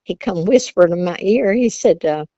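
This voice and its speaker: An older woman with a low voice, a grandmother from Virginia telling stories about her childhood. She talks in a chatty, homespun way and laughs often. The sound is dry and a little dull. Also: expressive, normal speed, dark tone, dry recording. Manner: chatty, laughs often, Southern turns of phrase. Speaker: interview guest, grandmother. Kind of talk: casual storytelling.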